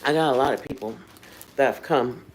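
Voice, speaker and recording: A woman's voice: rumbling low, brisk, a little hiss or hum, rough recording. A woman hosting a livestream, talking candidly and emotionally straight to her viewers in a casual way. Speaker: livestream host.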